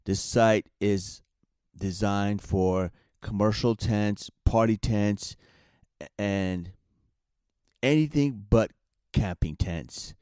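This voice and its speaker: A man reading a commercial spot in a plain, direct salesman pitch. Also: takes it slowly, darkish tone, smooth, no echo, studio quality. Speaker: ad reader.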